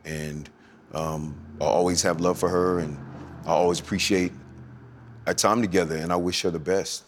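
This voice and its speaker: A man in his forties speaking as a podcast guest, with a soft, smooth and melodic way of talking. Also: low voice, steady tone, moderate pace, a little hiss or hum. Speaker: guest, former NFL running back turned actor. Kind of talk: podcast interview.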